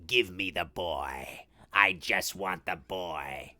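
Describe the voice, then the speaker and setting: A man putting on the voice of a furious small male killer doll who growls and shouts his demands. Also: low voice, slow pace, pitched below the performer's own voice, exaggerated voice.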